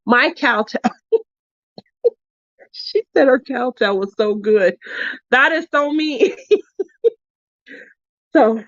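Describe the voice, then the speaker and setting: Animated high-voiced woman storyteller. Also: extremely slow, long pauses, no echo, dull audio. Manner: animated, acts out dialogue with big pitch jumps, laughs often. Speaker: craft channel host. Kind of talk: casual storytelling to live viewers.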